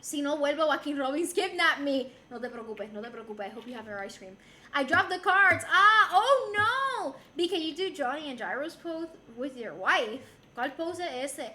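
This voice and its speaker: Casting: high-voiced woman, casual streamer chat, laughs a lot, roomy echo. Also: lively intonation, brisk, sharp tone. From Puerto Rico. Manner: laughs often, switches between English and Spanish. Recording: roomy with faint background noise.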